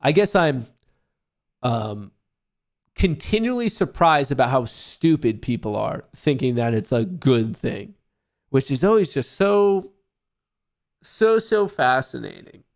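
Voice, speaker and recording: A man's voice: medium pitch, sing-song, takes it slowly, long pauses. Young male livestream host, combative and profane, scornful toward his viewers. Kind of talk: casual livestream rant.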